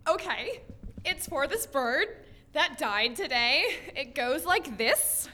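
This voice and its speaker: A woman's voice: high voice, slow, slight background noise, full character voice. A woman playing a gloomy, morbid teenage girl. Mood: chattering. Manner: sighing, moody, breathless when excited.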